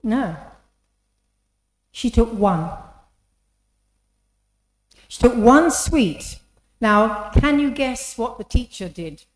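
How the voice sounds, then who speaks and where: A woman's voice: fairly high pitch, animated, very slow, pauses often. A woman giving an inspirational talk in an engaging storytelling manner, often asking the audience questions. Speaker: speaker. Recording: echoey hall.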